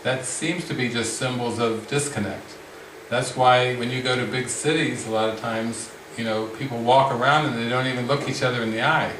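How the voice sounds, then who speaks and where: A man leading a spiritual retreat discussion, speaking slowly and reflectively with frequent restarts. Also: medium pitch, steady tone, background noise. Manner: slow, reflective, many restarts. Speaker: spiritual teacher. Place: retreat room with a group. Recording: roomy sound from the mic's distance.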